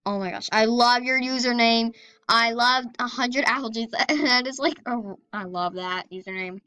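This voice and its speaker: A young woman chatting excitedly and giggling as she comments on her gameplay. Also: fairly high pitch, moderate pace, clean tone, dry recording. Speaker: gaming video host.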